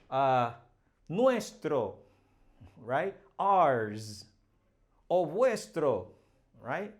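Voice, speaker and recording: A man's voice: medium pitch, darkish tone. A man teaching a Spanish lesson, explaining each phrase patiently and repeating the examples with rising emphasis. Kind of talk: slow language lesson.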